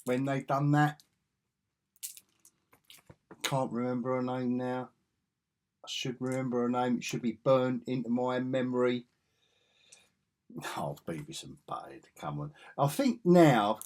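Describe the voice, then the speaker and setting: A man's voice: medium pitch, vocal fry, a little mellow. A man, musing aloud in a rambling, casual way as he looks through old comic magazines. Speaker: comic collector vlogger. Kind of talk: casual chat while flipping through magazines.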